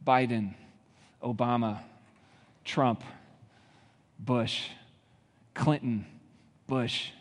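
Speaking extremely slowly with long pauses and fairly even intonation, a male pastor delivers a sermon in a mid-pitched voice, building toward emphatic rhetorical questions. His voice rings with the long reverb of a large hall.

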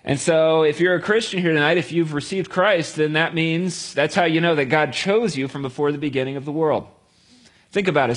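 A man preaching a sermon to a gathered group, in a conversational style with lively storytelling and asides. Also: a little high, slightly rough.

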